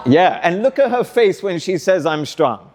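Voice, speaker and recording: Upbeat guy giving a pep talk to students, slightly high voice, keeps getting them to shout stuff back. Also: moderate pace. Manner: energetic, call-and-response, coaxing audience. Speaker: motivational speaker. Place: school hall.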